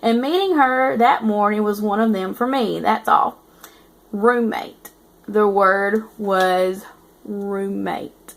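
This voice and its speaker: A woman's voice: medium pitch, slow pace, creaky. A woman reading aloud as a teasing eighteen-year-old male student narrating his story. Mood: amused. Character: cocky teasing young male college narrator.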